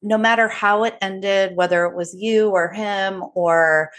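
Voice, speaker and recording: A woman's voice: mid-range voice, steady tone, measured pace, a bit bright. A woman hosting a casual podcast conversation, friendly and agreeable as she talks things through.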